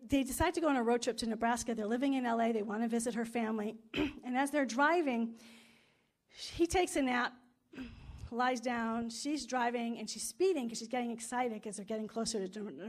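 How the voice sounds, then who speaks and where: A woman's voice: fairly high pitch, brisk. A woman pastor delivering a sermon and a spoken prayer to a congregation in a room, repeating phrases in rolling, emphatic lists. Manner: storytelling with acted-out quotes.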